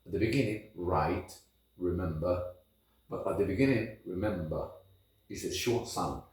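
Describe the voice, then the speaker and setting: A man teaching an English phonetics lesson, drawing out each example sound slowly and deliberately. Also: deep voice, a little mellow, heavy reverb, distant mic. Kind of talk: phonetics lesson with model words.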